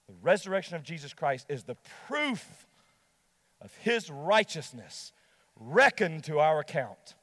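A pastor preaching a sermon to a congregation, emphatic and slowing down to stress key lines. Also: male voice, very high-pitched, fairly bright tone, long reverb tail.

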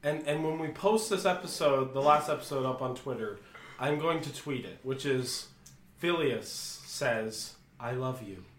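A man's voice: fairly high pitch, normal speed, a bit bright, echoey room, a little hiss or hum. A man narrating as dungeon master of a tabletop game, chatty and jokey. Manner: chatty, jokey, switches into character voices.

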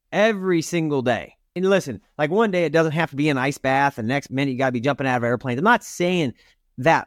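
A middle-aged man delivers a motivational talk, speaking directly and emphatically to his listeners. His voice sits a little high for a man. The recording is dry and close, with no room sound. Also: dry recording. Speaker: podcast host and rodeo competitor.

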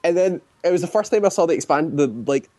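A man's voice: on the high side, dark tone, dry recording. Dry-sounding man telling a rambling story. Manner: rambling storytelling with quick acted-out quotes. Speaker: guest describing a video game. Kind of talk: casual chat.

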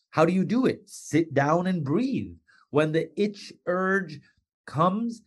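A man hosting a motivational podcast, animated and playful, acting out quoted voices with sudden jumps in pitch. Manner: animated, playful, with wrestling and pop-culture asides. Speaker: podcast host.

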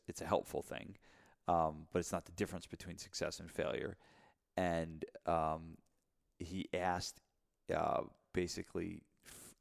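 A man's voice: low-pitched, vocal fry. A man co-hosting a podcast, talking casually about running a gym, rambling and repeating himself with lots of "you know" fillers. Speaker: podcast co-host, gym owner.

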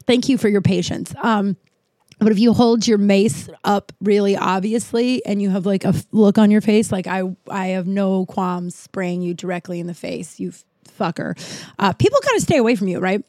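A woman in her thirties, a vlogger, rambles through a personal story for her viewers, swearing freely and saying "like" constantly. Her voice is medium-pitched and dark in tone, at a moderate pace, with no echo.

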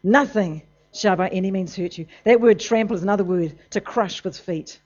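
A preacher delivering a sermon emphatically, moving between loud bursts and low, intense passages. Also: normal speed. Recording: dull lo-fi recording.

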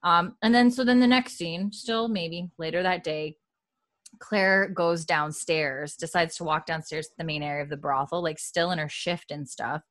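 A woman co-hosting a podcast, rambling and animated in casual recap chat. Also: lowish voice, normal speed, dry recording, studio quality. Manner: rambling, animated, laughs often. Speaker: podcast co-host.

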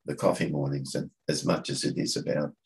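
A deep-voiced Australian man with a gravelly, creaky edge talks casually on a podcast. He stops and restarts his sentences often and fills the gaps as he looks for the right words. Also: flat delivery, rough recording. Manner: halting, with many restarts and fillers. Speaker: coffee catch-up organiser, podcast guest. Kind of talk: casual conversation.

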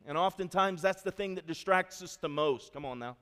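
A man preaches in a fairly high voice that carries a long hall echo. He tells stories in an animated way and acts out the quotes in them. His pace rises and falls as he goes. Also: a little fast, clear, resonant tone. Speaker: pastor. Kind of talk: sermon.

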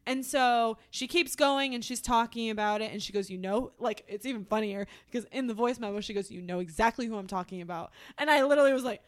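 A woman's voice: a little high, fairly quick, hardly any pauses. A young woman co-hosting a podcast, telling a personal story in casual chat, rambling with lots of "like" and restarts. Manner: rambling, heavy use of "like", restarts. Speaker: podcast co-host.

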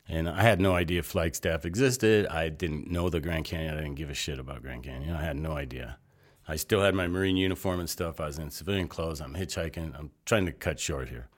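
An older man telling long, rambling stories as an interview guest, animated and salty, with frequent asides. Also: deep voice. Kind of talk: casual storytelling.

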